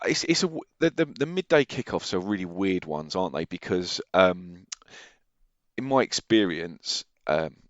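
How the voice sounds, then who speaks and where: A man's voice: low voice, sing-song, moderate pace, no room sound, muffled recording. A man, co-hosting a football podcast in rambling casual chat, often correcting himself. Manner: rambling, with many self-corrections. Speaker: podcast co-host.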